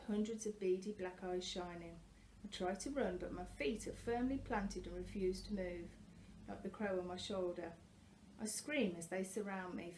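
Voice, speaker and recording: A woman reading a first-person novel aloud, expressive and growing louder at tense moments, with the odd slip and self-correction. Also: mid-range voice, slight background noise, poor audio. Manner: occasional slips and self-corrections. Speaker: reader.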